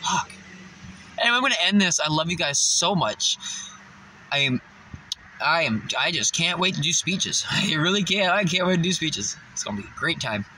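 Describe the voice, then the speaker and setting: A man's voice: fairly high pitch, big pitch swings, normal speed, bright, forceful tone, slight background noise, low-quality recording. A man vlogging from a parked car, ranting bluntly and swearing constantly. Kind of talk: profane ranting monologue. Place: parked car in a parking lot.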